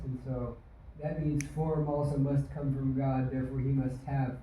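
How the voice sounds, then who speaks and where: A man's voice: mid-range voice, level tone, fairly quick, hardly any pauses, mellow. A man answering in a class, explaining an argument step by step with some restarts. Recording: very echoey room, far from the mic, faint noise.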